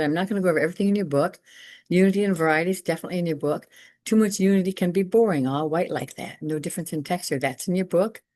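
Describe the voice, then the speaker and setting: A woman art teacher walks through slides in a casual, chatty lecture, repeating points and gushing over examples. Her voice sits low. The sound is dry and close, with no room around it. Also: a little mellow, no echo. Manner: enthusiastic, repeats herself, brisk asides.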